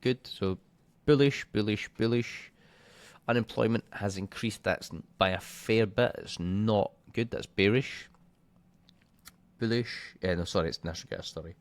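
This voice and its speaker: A man's voice: fairly low pitch, moderate pace. A man coaching forex trading in a casual screen-share walkthrough, thinking aloud and swearing offhandedly.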